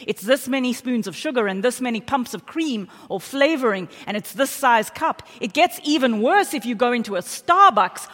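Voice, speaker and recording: A woman's voice: a little high, a bit bright. A middle-aged South African woman gives a sermon in a church sanctuary, her voice trailing into a long hall reverb. She tells her stories in a chatty, self-deprecating way and keeps checking in with the congregation. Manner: chatty, self-deprecating storytelling with audience asides. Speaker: pastor.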